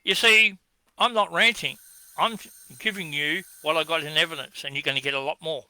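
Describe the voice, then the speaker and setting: Australian man with a high, bright voice, combative monologue, dry close sound, answers his own questions. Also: normal speed, no echo. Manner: combative, accusing, rhetorical questions. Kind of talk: ranting address to camera.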